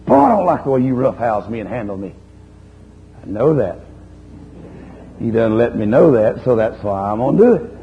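A man preaching a sermon, telling a story in a lively, folksy way and chiding his listeners. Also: medium pitch, moderate pace, long pauses. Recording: dull lo-fi recording with faint hum.

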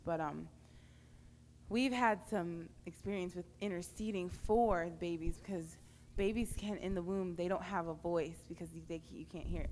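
Brief: young woman sharing testimony with a youth crowd, halting speech, lowish voice, echoey hall with faint noise. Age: young adult. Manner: halting, many fillers and restarts. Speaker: panel speaker. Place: large hall at a youth camp.

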